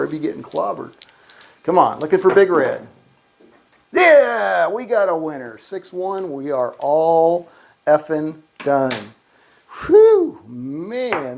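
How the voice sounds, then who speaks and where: A man's voice: a little high, creaky, darkish tone, a little hiss or hum. A man giving casual running commentary while he plays, calling out each dice roll and muttering mild curses. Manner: calls out dice rolls, mutters mild cursing. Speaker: gambling vlogger. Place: casino electronic craps machine.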